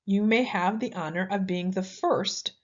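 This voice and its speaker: A woman's voice: medium pitch, unhurried, muffled recording, close to an everyday voice. A woman voicing a small, bossy female sand creature who cackles, in a storybook reading.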